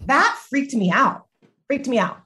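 A woman's voice: high-pitched, big pitch swings, measured pace, bright, forceful tone. A woman co-hosting a casual chat, enthusiastic and emphatic, steering the talk with questions. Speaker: podcast co-host.

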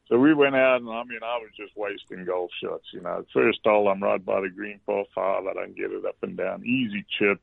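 A South African man with a fairly low, gravelly voice tells an easygoing story with some cursing. He is heard over a thin, tinny phone line. The sound is dry, with no room around it. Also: normal speed, no echo. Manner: relaxed anecdotal, salty language. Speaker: guest golfer. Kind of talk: casual storytelling.

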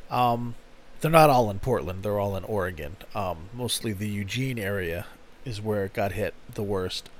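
A man's voice: fairly low pitch, normal speed. A man hosting a music podcast, chatting casually in a rambling, profane way with frequent fillers. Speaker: podcast host. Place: home in a smoky city.

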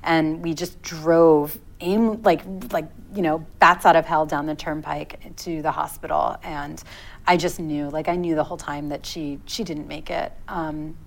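In a rough recording, a woman in her thirties appears as an interview guest with a slightly low, creaky voice. She recounts a personal story haltingly, pausing and starting over as she reflects, her intonation staying fairly even.

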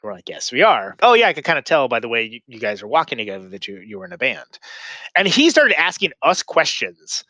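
A man telling a long tour story in casual podcast chat, animated and swearing freely. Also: medium pitch, brisk, no echo.

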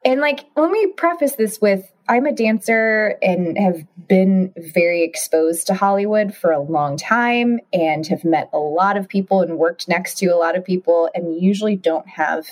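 Woman in her thirties, podcast co-host, middle-pitched, expressive casual chat. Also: moderate pace, few pauses. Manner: expressive, bursts into high silly voices.

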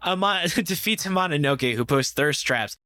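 A man's voice: on the high side, animated, moderate pace, pushed and bright, dry recording. A man hosting a casual podcast, summarizing a plot while joking and laughing mid-sentence.

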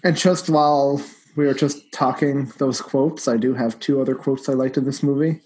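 A man's voice: medium pitch, steady tone, normal speed, a little mellow, low-quality recording. A man co-hosting a casual podcast, easygoing and wry as he talks about a film. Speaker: podcast co-host. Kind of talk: casual movie chat.

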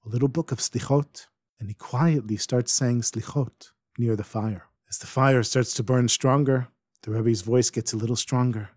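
A man telling a folk story aloud in a lively way, dropping in Yiddish words. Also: mid-range voice, no room sound, studio quality. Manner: animated, sprinkles Yiddish words. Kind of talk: oral storytelling. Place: Jerusalem.

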